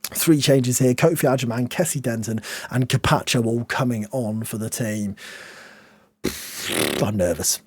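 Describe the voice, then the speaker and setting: A young man narrates a football management game. His husky voice sits at an ordinary pitch, recorded close and dry. He lurches from anxious near-whispers to loud, delighted outbursts. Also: measured pace, dry recording. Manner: excitable, swings between hushed nerves and loud outbursts. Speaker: game streamer. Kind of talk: video game commentary.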